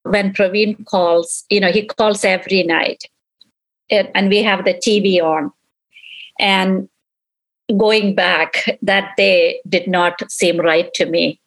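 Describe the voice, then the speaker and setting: A middle-aged woman, a mother, giving an earnest, halting personal account in an interview, acting out what others said. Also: mid-range voice, fairly even intonation, creaky, rough recording. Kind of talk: emotional personal recollection.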